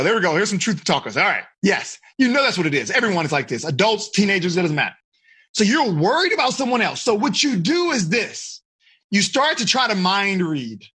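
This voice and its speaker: A man teaching teenagers as a life coach, animated and teasing, calling on listeners by name. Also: high voice, husky. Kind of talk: interactive coaching talk to teenagers.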